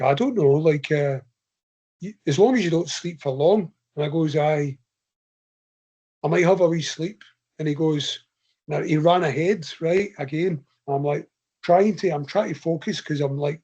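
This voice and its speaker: An ultra runner with a Scottish accent, guesting on a podcast, spins a long, meandering anecdote for the hosts in a loose, chatty way, laughing throughout. His husky voice sits slightly high, warm in tone and unhurried. The sound is a touch dull and lo-fi.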